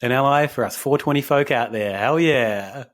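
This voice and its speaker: A man's voice: medium pitch, moderate pace. A young man, co-hosting a podcast, rambling and self-deprecating in casual chat. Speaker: podcast co-host.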